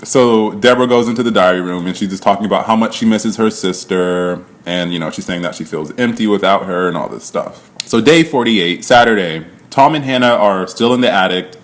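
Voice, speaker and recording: A man with a somewhat low voice recaps a reality show casually and ramblingly, talking fairly quickly with few pauses. He laughs often, leans heavily on "like," and swears freely.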